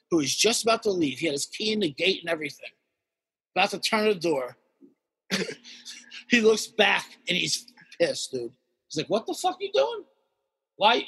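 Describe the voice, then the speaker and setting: A man telling a wild story in casual podcast chat, animated and swearing heavily as he acts out the characters. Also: high voice, slightly rough, in a large hall. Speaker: guest storyteller.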